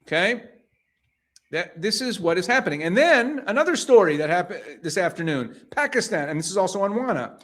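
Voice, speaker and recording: A man works through a run of news items, reading each one aloud before restating it bluntly in his own words. His voice sits a little higher than most men's, and he presses his points with rhetorical questions. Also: very animated, fairly quick, a bit bright. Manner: reads passages then paraphrases them pointedly, with rhetorical questions. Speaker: news commentator. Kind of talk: reading headlines aloud and commenting.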